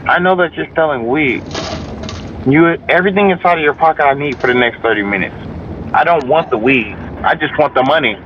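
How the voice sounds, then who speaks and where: A young man streaming a game, talking in a rambling, profane, animated way. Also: mid-range voice, a little hiss or hum. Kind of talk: casual chat while gaming. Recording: muffled stream audio.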